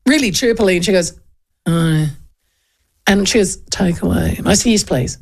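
Kiwi lady radio host, bit of fry in her voice, chatty and self-mocking, does the voices when she tells a story. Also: mid-range voice, fairly quick. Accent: New Zealand. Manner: chatty, animated, self-mocking, acts out quotes. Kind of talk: casual radio chat and storytelling.

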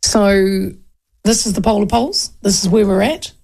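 A woman's voice: medium pitch, steady tone, measured pace, gravelly, a little mellow. A woman in her fifties with a New Zealand accent, hosting a talk show and chatting loosely about polls with rambling asides. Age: 50s. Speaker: radio talk show host. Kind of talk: casual political commentary.

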